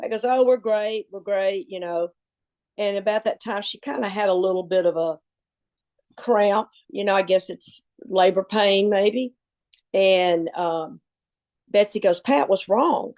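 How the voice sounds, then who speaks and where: A woman with a drawl tells an old story in a lively way. She jumps into other people's voices as she quotes them, and her own pitch sits in the middle. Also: a little slow. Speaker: former assistant coach. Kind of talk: storytelling anecdote.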